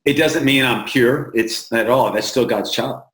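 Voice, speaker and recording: An American man speaks plainly and earnestly as an interview guest, with frequent restarts and a slower pace when he stresses a point. His voice sits at a middle pitch. The room adds a clear echo. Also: fairly bright tone. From United States. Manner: plain-spoken, halting restarts, slows for emphasis. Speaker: founder of an aid group, interview guest. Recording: roomy echo.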